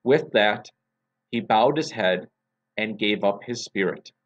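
A man, a pastor, reading scripture aloud and opening a devotion in a measured, deliberate way. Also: lowish voice, lo-fi sound.

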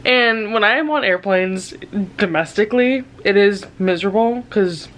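A woman's voice: medium pitch, moderate pace, a bit bright. A young woman casually vlogging about her reading, candid and self-deprecating, with some swearing. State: tearful. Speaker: book vlogger. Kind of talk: casual vlog chat.

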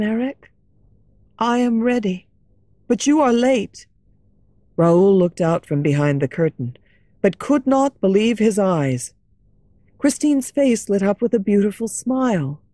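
Woman narrator, low pitch, lively melody, slow and careful, dry studio sound. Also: no echo. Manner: slow, clear, expressive storytelling. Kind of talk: scripted story narration for English learners.

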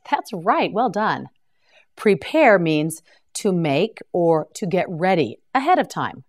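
Woman, vocabulary teacher, very slow scripted drill, lowish voice, careful pronunciation.

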